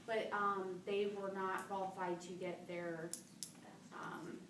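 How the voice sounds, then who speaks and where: A woman's voice: medium pitch, level tone, slow, a bit bright. A woman adding an earnest tip during a live training talk. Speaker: team member adding a tip. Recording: echoey room from far off with noise.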